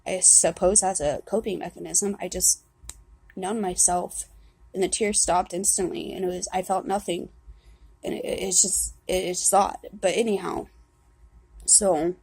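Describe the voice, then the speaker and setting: A young woman speaks candidly in a confessional vlog, her voice husky with a gravelly edge. She halts, restarts and swears freely. The sound is dry and close. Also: fairly low pitch, fairly even intonation, a little mellow, no echo. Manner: candid, halting, swears often, many restarts.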